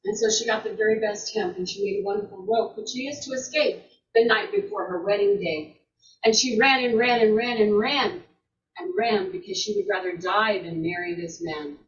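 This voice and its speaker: A woman's voice: medium pitch, expressive. Woman telling a folktale from afar. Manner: unhurried, repeats words and restarts while telling. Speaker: storyteller. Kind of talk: oral folktale retelling. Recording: roomy, distant, dull lo-fi sound.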